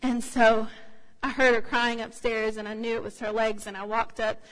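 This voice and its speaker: A woman preaching with a bright, ringing voice pitched a little high. She talks in a loose, chatty way with plenty of fillers, and a long hall reverb trails behind her words. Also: flat delivery, normal speed. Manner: conversational, anecdotal, with frequent fillers. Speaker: speaker. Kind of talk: sermon.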